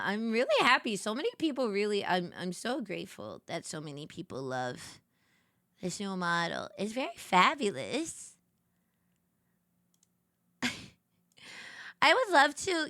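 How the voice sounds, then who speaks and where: A woman VTuber streamer in casual late-night chat. She gushes bubbly, with sudden squeals and soft whispers. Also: medium pitch, no room sound, studio quality.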